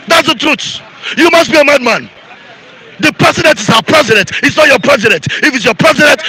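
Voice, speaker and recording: A man's voice: very high-pitched, sharp tone, poor audio. A Nigerian man with a Nigerian accent, giving an angry, repetitive rant in a street interview.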